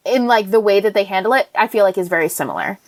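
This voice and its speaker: A woman's voice: medium pitch, lively intonation, fast talker, dry recording. A woman co-hosting a podcast, chatting casually and enthusiastically about musicals. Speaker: podcast co-host. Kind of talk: casual chat.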